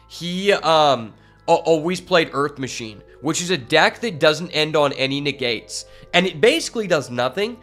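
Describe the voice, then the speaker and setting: Guy on stream rambling a story mid card game, cusses a lot, slightly high voice, guitar music under it. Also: fairly bright tone. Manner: rambling, swears freely, many fillers. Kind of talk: casual storytelling while gaming.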